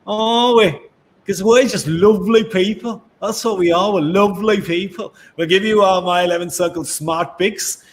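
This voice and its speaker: A man's voice: high voice, moderate pace, pitched above the performer's own voice, close to an everyday voice. A man putting on an exaggerated Scottish accent as a cheery, playful character. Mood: hammy. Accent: Scottish (put on). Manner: playful, exaggerated, sing-song.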